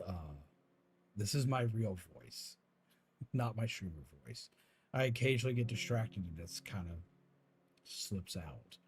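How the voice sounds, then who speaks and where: A man streaming a game in his natural voice, soft, low and slow, one that people call spooky, with a calm, hesitant way of talking. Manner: calm, slow and hesitant, with many restarts and small laughs. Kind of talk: casual chat while gaming.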